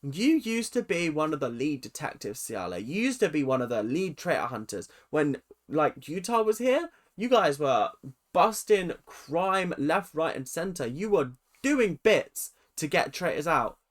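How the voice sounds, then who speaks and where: A man's voice: fairly high pitch, big pitch swings, unhurried. A man mimicking a swaggering reality-show contestant. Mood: mocking.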